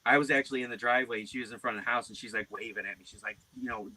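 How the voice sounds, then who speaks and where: Loud guy hosting a chill podcast, bright forceful voice, always acting out voices. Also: mid-range voice, very fast, dry recording. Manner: loud, animated storyteller who puts on silly voices. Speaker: podcast host. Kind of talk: casual chat.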